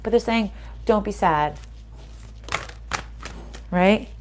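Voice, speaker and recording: A woman with a mid-range voice speaks very slowly, with a little background noise, as she guides viewers through a spiritual card reading. She's relaxed, chatty and reassuring, often checking in with a quick "right?" or "okay?"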